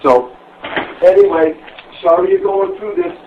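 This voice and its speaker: A man's voice: sits high, unhurried. Rambling middle-aged man on a muffled call. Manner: rambling, repeats himself, swears freely. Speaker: prank call victim. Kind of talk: rambling phone conversation. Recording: muffled lo-fi call recording with faint hiss.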